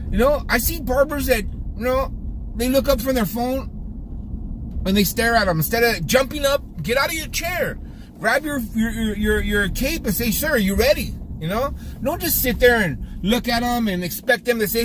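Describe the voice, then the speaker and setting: High-voiced talkative barbershop owner. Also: male voice, noisy background. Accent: Californian English. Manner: talkative, repeats words, restarts, coaching tone. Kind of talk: casual vlog monologue. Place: driving around town, then in his barbershop.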